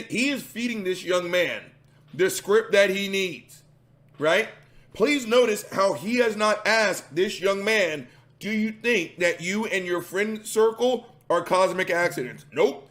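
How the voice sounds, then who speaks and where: High-voiced, profane ranting man. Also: a bit bright. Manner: profane, combative, sarcastic. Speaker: commentary host. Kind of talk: ranting reaction commentary.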